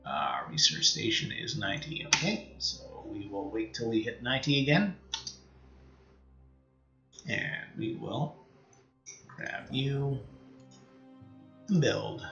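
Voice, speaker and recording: A man's voice: medium pitch, animated, slow pace, creaky, long pauses, bright, forceful tone, roomy sound, lo-fi sound, faint music behind. A man with a Canadian accent commentating on his strategy game in a casual, rambling way, full of fillers and half-finished thoughts. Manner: thinks aloud, many fillers and trailing-off sentences. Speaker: let's play streamer.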